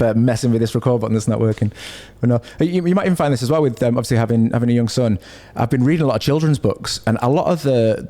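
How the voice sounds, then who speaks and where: A man's voice: medium pitch, warm tone. A man hosting a podcast who chats casually and agreeably, often affirming his guest. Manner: agreeable, frequent short affirmations. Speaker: podcast host. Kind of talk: casual conversation.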